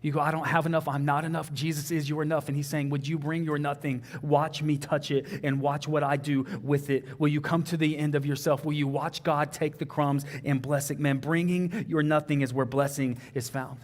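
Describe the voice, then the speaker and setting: A man's voice: a little high, flat delivery, fairly quick, few pauses. A young man with a Texan accent preaching a sermon in an earnest, conversational way, often saying "man" and "like".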